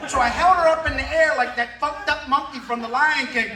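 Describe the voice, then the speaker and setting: A man doing a stand-up comedy set, telling a story with shouted screams and acted-out dialogue. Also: extremely high pitch, fairly quick, over a noisy crowd, heavy background noise. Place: comedy club stage. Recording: echoey club from a distance.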